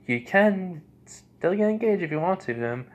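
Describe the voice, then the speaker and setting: A gentle middle-aged mother coaxes in a high, soothing voice, as a man puts her on. She sounds fairly loud but calm. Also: measured pace.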